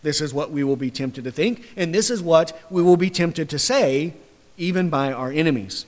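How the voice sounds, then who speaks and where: Impassioned high-voiced preacher in a reverberant hall. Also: male voice, normal speed. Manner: impassioned, rising to loud mocking questions then dropping soft. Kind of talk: sermon.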